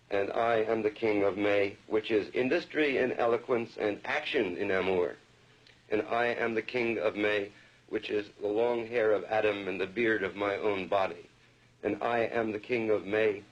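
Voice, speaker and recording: Man chanting a poem, dull old recording. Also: on the low side. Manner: incantatory, rhythmic chanting of repeated lines. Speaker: poet. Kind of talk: poetry reading.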